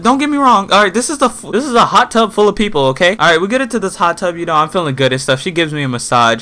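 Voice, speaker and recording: A young man telling a story to his viewers in a vlog, profane and animated, with sudden yelled bursts. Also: mid-range voice. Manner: animated, profane, yells in bursts when retelling. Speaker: vlogger.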